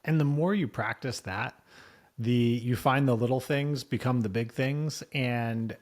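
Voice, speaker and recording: A man's voice: medium pitch, unhurried, a little mellow. Reflective man co-hosting a podcast. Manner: reflective, talks things through in loose sentences. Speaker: podcast co-host. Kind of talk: casual podcast conversation.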